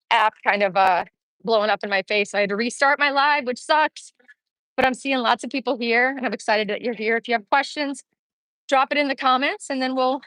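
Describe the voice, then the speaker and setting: Breathless mid-age woman walking and streaming off her phone, highish voice, chatty and upbeat, close dry sound. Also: fairly bright tone, no echo, low-quality recording. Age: middle-aged. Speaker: vlogger streaming live. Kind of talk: casual walking livestream chat. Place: outdoors on a town street. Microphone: phone held while walking.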